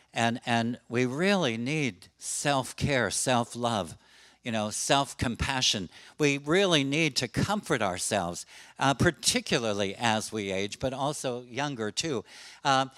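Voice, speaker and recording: A man's voice: medium pitch, fairly bright tone, no room sound. A middle-aged man presenting at a conference to a live audience, chatty and self-deprecating, with frequent fillers. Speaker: presenter on suicide prevention.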